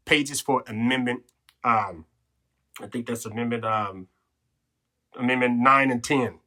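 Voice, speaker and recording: A man's voice: medium pitch, sharp tone. A man hosting a podcast, explaining legal rights in an earnest coaching way, checking in with "okay?" and "right?", a little out of breath. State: slightly out of breath. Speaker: podcast host. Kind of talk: instructional talk on legal rights.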